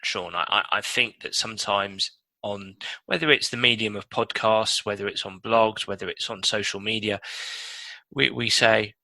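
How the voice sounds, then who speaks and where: An English man hosts a podcast interview, his low-leaning voice sharp and forceful. The sound is dry and close, with no room around it. He asks reflective, probing questions. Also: moderate pace, no room sound, poor audio. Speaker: podcast host.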